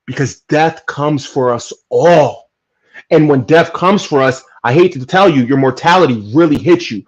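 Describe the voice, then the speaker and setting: A man from New Jersey talking earnestly and emphatically in a casual podcast chat, making his case with animated bursts. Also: fairly high pitch, normal speed, breathy edge. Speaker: podcast guest. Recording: dull lo-fi audio.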